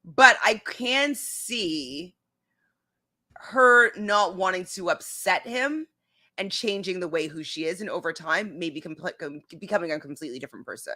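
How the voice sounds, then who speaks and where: A woman co-hosting a casual reality show recap, chatty and animated, with lots of likes and restarts. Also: lowish voice, moderate pace.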